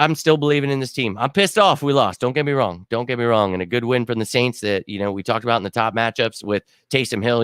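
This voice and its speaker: A man hosting a sports fan show, ranting bluntly and swearing after a loss, his throat hoarse from screaming. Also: medium pitch, fairly bright tone, dry recording, studio quality. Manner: fired-up, blunt, swears, repeats himself. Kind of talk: casual postgame fan rant.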